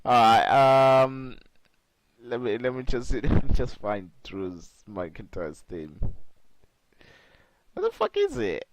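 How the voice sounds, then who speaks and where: A man's voice: mid-range voice, huge pitch swings, slow, pauses often, rough recording. A young man co-hosting a podcast in casual chat who laughs constantly, swears and rambles. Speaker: podcast co-host.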